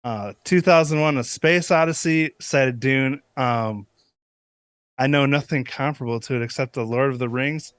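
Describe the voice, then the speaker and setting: A man's voice: mid-range voice, moderate pace, fairly bright tone, dry recording. A man co-hosting a casual podcast chat, reading trivia items aloud with many fillers. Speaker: podcast co-host.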